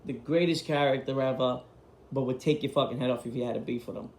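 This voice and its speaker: A man's voice: mid-range voice, fairly even intonation, fast, a little mellow. Blunt profane New man telling stories. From Queens, New York. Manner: blunt, profane street talk. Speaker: storyteller host. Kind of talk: casual storytelling. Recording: roomy echo.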